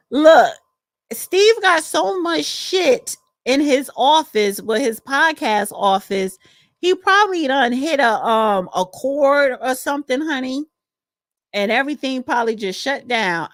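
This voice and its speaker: A woman from New chats on a livestream, frank and unhurried, tossing out "honey" as she reads the chat. Her voice sits a little high and takes its time. The sound is dry and close, recorded at home. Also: no room sound. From East Orange, New Jersey. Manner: chatty and frank, calls listeners honey. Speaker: podcast co-host reading live chat.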